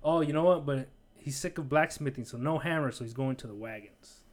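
A man's voice: mid-range voice, fairly quick. A man casually reading a choose-your-own-adventure book aloud, breaking off with jokey asides. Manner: jokey, digressive, laughs at his own asides.

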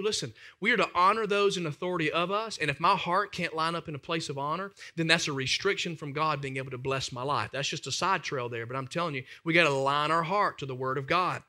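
A man in his thirties, a pastor preaching an animated, emphatic sermon full of family stories. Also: fairly high pitch, fast talker, hardly any pauses.

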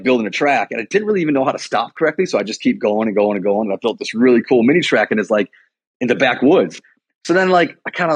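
Guy from milwaukee rambling fast, lotta "like"s, low husky voice. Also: no room sound. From Milwaukee, USA. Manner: rambling storyteller, heavy use of "like" and "you know". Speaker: boxing and Muay Thai coach, guest. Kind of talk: casual chat.

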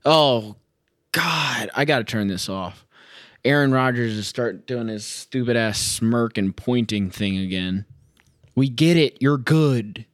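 This solo sports reaction rant comes from a young man watching a game at home, heavy on sarcasm, swearing and exasperation. He speaks slowly in a mid-range voice. The recording is dry with clean studio sound.

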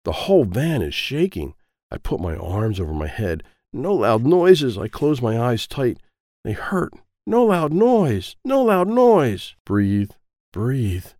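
A man's voice: on the low side, a little mellow, dry recording, studio quality. A man reading a storybook in the first person as a small, timid seven-year-old boy who speaks in short, plain sentences. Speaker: audiobook reader.

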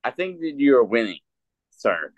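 A man's voice: medium pitch, sing-song, no room sound. A man who works offshore, a podcast guest in casual chat, talking hesitantly with many fillers. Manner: slow, hesitant, filler-heavy. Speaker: guest, offshore oil worker. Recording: dull, dry lo-fi audio.

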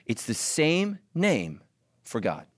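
A middle-aged man preaching a sermon with animated delivery and joking asides to the congregation. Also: medium pitch, takes it slowly, dry recording, studio quality. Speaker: pastor.

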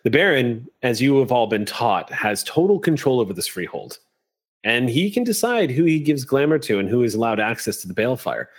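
A man narrating a tabletop role-playing game as game master, describing scenes in an unhurried way with the odd curse. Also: mid-range voice, big pitch swings, husky.

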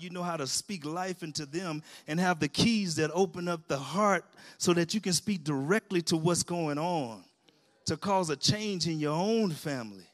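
A middle-aged man preaching in a church sanctuary, his voice sitting a little high for a man. He talks lively and colloquially, laughs along with the congregation and calls out amens between points. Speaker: pastor. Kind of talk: sermon.

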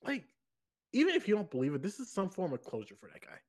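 Co-host with a husky voice that swings a lot in pitch, emphatic casual chat. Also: quick pace. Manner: expressive, laughs often, emphatic. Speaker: podcast co-host.

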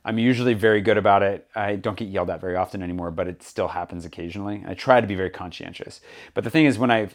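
This Paris podcast host has a lowish voice and a quick delivery, chatting casually and animatedly acting out the people who appear in his anecdotes.

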